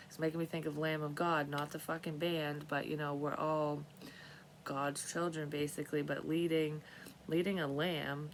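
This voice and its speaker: A woman's voice: low voice, a little hiss or hum, low-quality recording. A woman telling her dreams in a casual, rambling monologue, swearing freely and often trailing off and restarting. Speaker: vlogger sharing dream readings.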